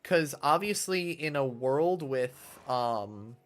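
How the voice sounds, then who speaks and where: A man's voice: medium pitch, expressive, slow, a little hiss or hum. A man streaming a game, chatting casually and nostalgically while he thinks aloud. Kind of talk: casual gameplay commentary. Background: faint game music.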